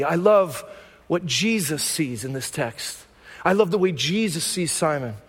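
A pastor with a strikingly high voice preaches to his congregation, casual and conversational, hammering home key phrases by repeating them. His voice rings out with a long reverb tail from the church sanctuary. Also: lively intonation, normal speed, a bit bright. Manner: conversational preaching with emphatic repetition. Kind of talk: sermon.

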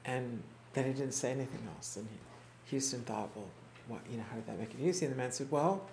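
A teacher speaking to a small class, retelling stories in a reflective, unhurried way, acting out the quoted voices and often restarting words. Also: mid-range voice, gravelly, darkish tone, slight background noise. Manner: halting restarts and repeated words. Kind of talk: storytelling talk to a small group. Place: indoor room with a small group.

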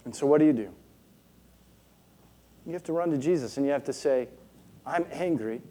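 A man's voice: mid-range voice, brisk, dark tone. A man preaching a sermon as a pastor, earnest and rhetorical, often checking in with the congregation with "right?".

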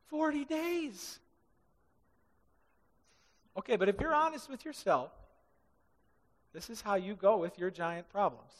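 A man preaching a sermon to a congregation, animated, acting out quoted voices and swinging from loud to hushed. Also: extremely high pitch, a little slow, long pauses, long reverb tail. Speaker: pastor. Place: large church hall.

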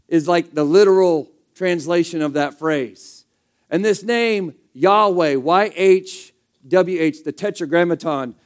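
Male pastor, high voice, conversational sermon delivery with rhetorical questions.

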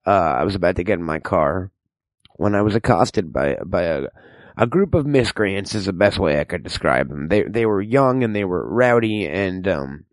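A man's voice: lowish voice, dry recording. Rambling mock-somber man, dry voice. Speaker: comedy ad reader. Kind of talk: comic storytelling ad read.

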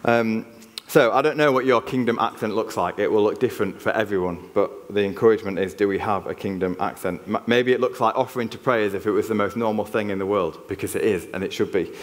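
In a church hall with long reverb, a Yorkshire man preaches a sermon earnestly and conversationally, often restarting his sentences. His voice is fairly low and he talks fast.

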